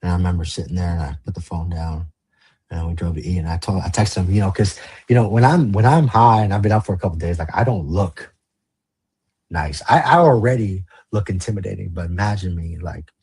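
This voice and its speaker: A man's voice: low-pitched, fairly quick, a little mellow, breathy edge. A man telling his life story as a podcast guest, blunt and profane, acting out past conversations in quoted lines. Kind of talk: candid storytelling in a podcast interview.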